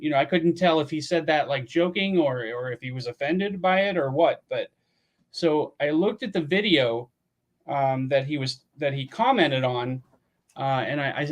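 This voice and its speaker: Chatty, swearing livestream host, higher voice. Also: male voice. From Pennsylvania, USA. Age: around 50. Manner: chatty, laid-back, swears casually. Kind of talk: casual livestream chat.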